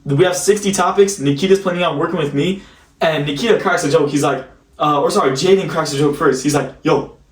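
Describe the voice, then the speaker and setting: A man's voice: fairly high pitch, brisk. A man hosting a casual chat, rambling through school stories and laughing often. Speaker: podcast host. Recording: echoey room, distant mic, faint noise.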